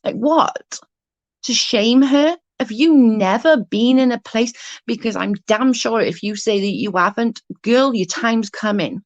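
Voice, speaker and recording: A woman's voice: fairly high pitch, moderate pace, no room sound, dull audio. A woman ranting to her livestream viewers, indignant and swearing, speaking straight to her chat.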